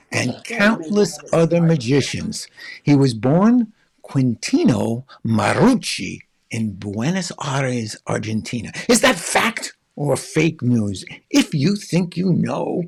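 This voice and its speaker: Gravelly, animated male show host. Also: mid-range voice. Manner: rambling with many fillers and restarts. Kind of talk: casual live-stream chat.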